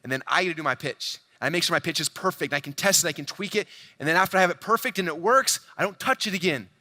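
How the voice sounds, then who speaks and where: Energetic male convention keynote speaker in his 40s, rapid pitch-heavy delivery, high-pitched and punchy. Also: no echo. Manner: fast, hyped, addresses crowd directly, acts out quoted dialogue. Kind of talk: energetic stage presentation. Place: large convention hall stage.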